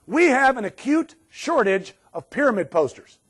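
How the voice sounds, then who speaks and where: A middle-aged man giving a live safety talk to a room, sarcastic and lively, laughing often. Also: very high voice, moderate pace, breathy edge. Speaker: safety speaker.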